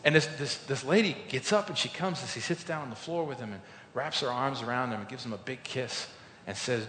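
A man's voice: mid-range voice, quick pace. Informal male preacher, storytelling sermon with emphatic surges, recorded in a reverberant hall. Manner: informal, storytelling, builds to loud emphatic peaks. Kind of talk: conversational sermon. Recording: echoey hall.

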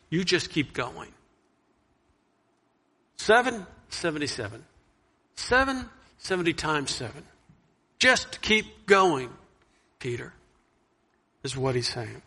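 A man preaching a sermon, earnest, reading scripture loudly and dropping soft to reflect. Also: on the high side, breathy edge. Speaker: pastor.

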